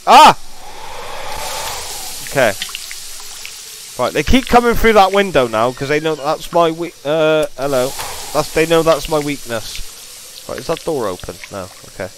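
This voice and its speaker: A gaming host talks through a scary game, his voice swinging widely from low mutters to high yelps. His delivery is slow and drawn out, breaking into swearing when startled. Faint noise sits behind the recording. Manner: jittery, swearing, frightened outbursts and mutters. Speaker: gaming YouTuber. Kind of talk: horror game let's play commentary.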